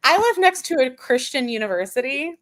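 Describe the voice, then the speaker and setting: A woman's voice: high-pitched, very animated, brisk, crowd noise. A woman with a Texan accent chatting in a book club call, amused and drawling. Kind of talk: casual video call chat.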